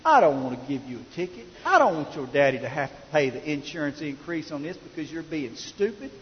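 A man acting out a stern middle-aged male police officer who scolds with a gruff drawl. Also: fairly high pitch, very animated, a little fast, long reverb tail, muffled recording, slight background noise.

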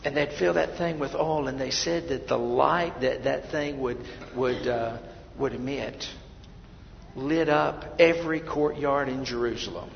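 A man preaching a sermon as pastor, swinging between loud, emphatic reading and quiet, intimate asides to his listeners. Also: mid-range voice, measured pace, gravelly, a little hiss or hum. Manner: addresses listeners as beloved. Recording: long hall reverb, dull lo-fi sound.

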